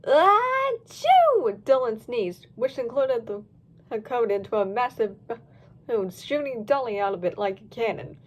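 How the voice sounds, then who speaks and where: A woman reading a fan-written story aloud in a lively storybook manner. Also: fairly high pitch, normal speed. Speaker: reader. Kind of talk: storybook narration of fan fiction.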